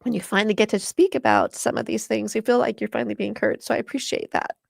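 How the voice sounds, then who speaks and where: A woman's voice: mid-range voice, sing-song, quick pace, gravelly, dry recording. Woman, interview guest, impassioned, earnest, gets emotional, dry close sound. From Washington State. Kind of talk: conversational interview.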